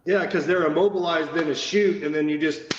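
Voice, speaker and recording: A man co-hosting a casual podcast chat, rambling through drawn-out memories. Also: fairly high pitch, steady tone, slight background noise. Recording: roomy, dull lo-fi sound.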